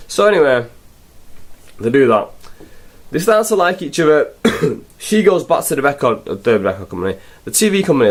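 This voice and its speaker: A man's voice: fairly high pitch, big pitch swings, moderate pace. A young man reviewing a film in a rambling, sarcastic, casual way. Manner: rambling, sarcastic, full of fillers.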